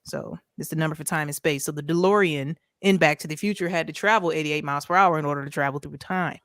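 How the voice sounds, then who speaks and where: A woman's voice: low-pitched, fast talker, a bit bright, no echo, studio quality. A woman co-hosting a casual ranting commentary over a video call, talking emphatically and asking "right?" again and again. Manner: emphatic, repeats points with rhetorical "right?". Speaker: podcast co-host.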